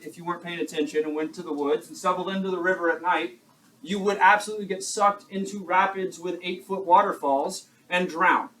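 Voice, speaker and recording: Chatty high-voiced male teacher, far off. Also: fairly bright tone. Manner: chatty, self-deprecating, asks the class questions. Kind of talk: classroom lecture. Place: classroom. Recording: distant mic with faint classroom noise.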